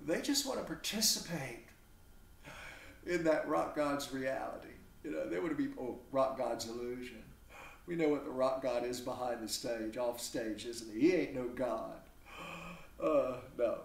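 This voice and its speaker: A man lecturing a class on literature, animated and full of rhetorical questions, heard from a distance in a classroom. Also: medium pitch, normal speed, creaky. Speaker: literature instructor. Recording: echoey classroom from far off.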